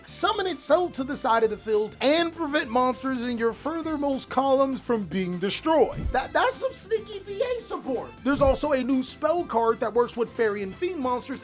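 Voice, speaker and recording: A man hosting a casual card game commentary video, animated and jokey, with some playful trash talk. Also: extremely high pitch. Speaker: YouTube host.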